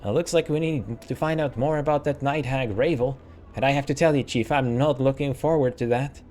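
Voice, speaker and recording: A man's voice: mid-range voice, brisk, darkish tone, lightly acted. A man reading as a sarcastic talking skull. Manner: sarcastic, grumbling. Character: wisecracking floating male skull companion. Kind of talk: reading game dialogue aloud.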